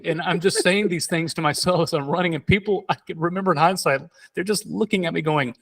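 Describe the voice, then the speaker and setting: A man hosting a podcast in casual chat, telling animated stories with many fillers and restarts. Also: on the high side, brisk. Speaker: podcast host.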